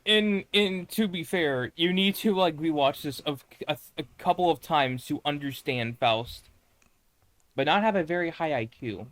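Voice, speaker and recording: A man in a casual podcast chat, joking and chiming in with short quick remarks. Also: fairly high pitch, a bit bright, no room sound. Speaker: podcast co-host.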